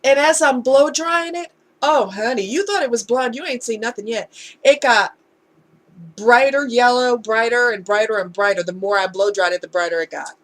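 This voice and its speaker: A woman's voice: on the high side, normal speed. A woman talking candidly in a casual storytime vlog, conversational and heartfelt. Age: adult. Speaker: vlogger.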